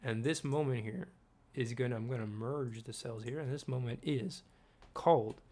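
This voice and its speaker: A man's voice: mid-range voice, normal speed, darkish tone. A man hosting his own video, rambling casually while he works at his desk, often asking the viewer questions and swearing now and then. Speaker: video host.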